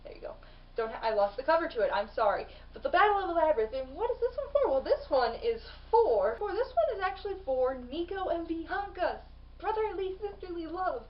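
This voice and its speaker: A woman's voice: very high voice, sing-song, fairly quick, far from the mic, lo-fi sound. A young woman chatting casually in a book vlog, bubbly and full of fillers and restarts. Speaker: book vlogger.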